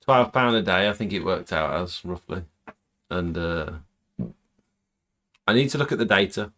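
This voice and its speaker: Guy hosting a stream, very deep voice, easygoing, plain-spoken. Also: lively intonation, normal speed, fairly bright tone. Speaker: pressure washing business owner and stream host. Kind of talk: casual chat on a livestream.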